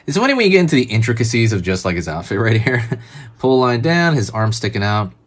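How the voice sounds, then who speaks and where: A man's voice: mid-range voice, fast. A man hosting a drawing tutorial, talking casually and calling out each stroke as he draws. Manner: relaxed, chatty, narrates each pen stroke. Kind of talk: casual step-by-step drawing instruction.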